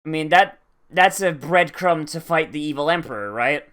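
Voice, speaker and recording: An anime reviewer talks through an episode in loose, profane, rambling commentary. The delivery is animated and full of asides. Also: medium pitch, moderate pace, clear, resonant tone. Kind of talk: casual reaction commentary.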